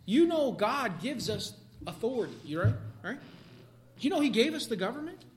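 A man preaching a sermon, animated, swinging from quiet asides to sudden loud outbursts. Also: extremely high pitch, moderate pace, slight background noise. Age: adult parent.

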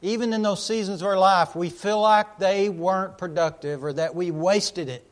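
A man preaching a sermon, emphatic, swinging from loud declarations to hushed lines and slowing on key words. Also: sits high.

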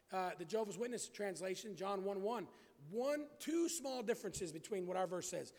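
A man preaching a Bible sermon, reading scripture slowly and emphatically and then dropping to quiet asides, in a church building. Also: sits high, long reverb tail. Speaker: pastor.

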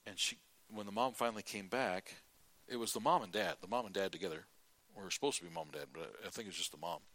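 A middle-aged male preacher giving a sermon, telling folksy stories, acting out quotes and often clearing his throat. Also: sits low, fast, a bit bright, dry recording.

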